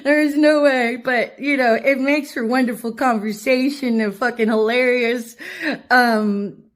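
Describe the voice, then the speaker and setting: A woman's voice: fairly high pitch, steady tone, unhurried. A woman telling a rambling story in a casual vlog, laughing often and swearing freely. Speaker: vlogger. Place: her cousin's home.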